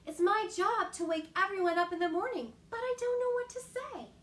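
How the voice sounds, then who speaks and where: A woman voicing an eager, anxious little male baby rooster in a children's storybook, in a high pleading voice. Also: animated, a little fast, fairly bright tone, echoey room, far from the mic. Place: home kitchen.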